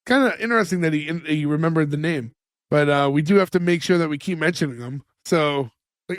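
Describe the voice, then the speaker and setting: A man's voice: a little high, fairly quick, dry recording. A man, co-hosting a podcast in rambling casual chat, full of fillers and put-on quotes. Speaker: podcast co-host.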